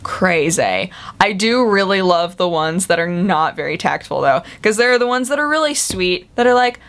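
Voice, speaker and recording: A young woman in her twenties vlogging in casual chat, chatty and animated, acting out quoted voices with big jumps in pitch. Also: moderate pace.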